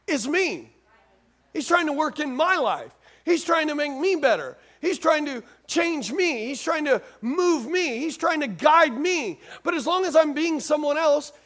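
A man's voice: very high voice, a bit bright. A man preaching a sermon in a conversational way, repeating phrases and asking the congregation questions. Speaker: pastor.

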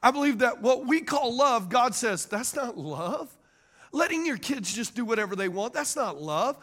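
A man's voice: very high voice, expressive, moderate pace, a bit bright. A man, preaching a sermon as pastor and calling to the congregation for amens and agreement. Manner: call-and-response preaching, asks the crowd for amens.

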